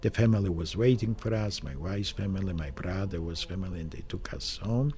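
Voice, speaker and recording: Older man, halting. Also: low voice, mellow. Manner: halting, frequent restarts, emotional. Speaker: Holocaust survivor interviewee. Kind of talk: documentary interview, recounting memories.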